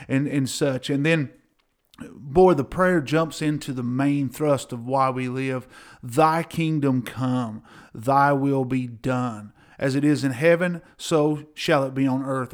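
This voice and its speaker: A middle-aged man, a pastor, talking earnestly and enthusiastically in a casual ministry chat, with many fillers and repeated words. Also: mid-range voice.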